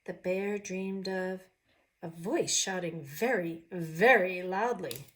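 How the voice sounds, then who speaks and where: A woman's voice: on the low side, a bit bright. Woman reading storybooks to kids, with questions to the viewer. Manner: pauses to ask the viewer questions. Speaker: picture book reader. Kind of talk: reading a picture book aloud.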